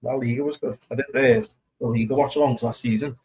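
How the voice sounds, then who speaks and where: A young man chats loosely through a football watch-along, rambling from one thought to the next. He reads out viewer comments and swears now and then. His voice sits at an ordinary middle pitch for a man. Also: steady tone, fast talker, warm tone, breathy edge. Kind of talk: casual live-stream chat.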